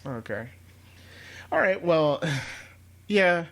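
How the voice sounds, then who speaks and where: A podcast co-host giving quick, opinionated remarks in a casual chat about films. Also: medium pitch, expressive, creaky, fairly bright tone. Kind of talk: casual movie review chat.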